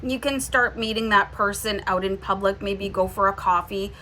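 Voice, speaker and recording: A woman's voice: medium pitch, moderate pace, bright, forceful tone, slight background noise. A woman with a Canadian accent giving a casual, reassuring tarot reading, often checking in with "okay?". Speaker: tarot reader.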